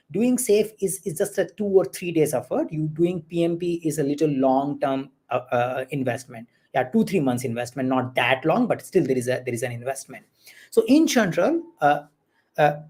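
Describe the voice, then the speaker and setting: A man answering audience questions as the expert on a live online Q&A, halting with many repeated words and fillers. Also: fairly high pitch, darkish tone. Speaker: certification expert.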